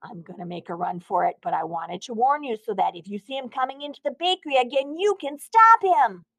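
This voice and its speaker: A woman voicing a fussy, dramatic talking male doughnut in a storybook reading, shrill and indignant. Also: expressive, a little fast, vocal fry, fairly bright tone, no echo, heavily acted. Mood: frantic. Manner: shrill, indignant, high-strung.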